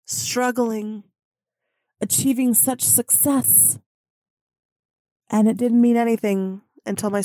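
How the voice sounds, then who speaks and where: A woman's voice: on the high side, a little mellow, no room sound. A woman hosting a spiritual podcast, speaking in an emotional, affectionate inspirational monologue and often laughing. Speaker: podcast host.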